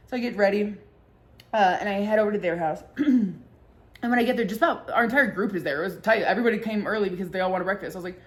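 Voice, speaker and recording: A woman's voice: mid-range voice, quick pace. A young woman hosting a casual storytime vlog, rambling with lots of "like" and heavy swearing. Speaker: podcast vlogger.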